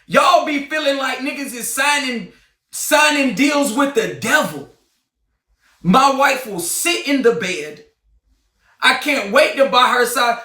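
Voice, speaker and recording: A man in a heated, confrontational livestream rant, often shouting. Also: extremely high pitch, expressive, slow, far from the mic. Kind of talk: ranting livestream monologue. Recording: roomy, off-mic sound.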